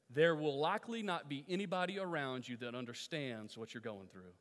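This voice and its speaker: A man's voice: medium pitch, brisk, few pauses, fairly bright tone. A male pastor preaching a sermon to his congregation, putting questions to the listeners and repeating his phrases. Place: church sanctuary. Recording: long reverb of a church hall.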